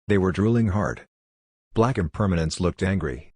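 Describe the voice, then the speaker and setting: A man narrating an audiobook in a steady, plain way. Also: deep voice, moderate pace, dry recording, studio quality. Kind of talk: scripted narration.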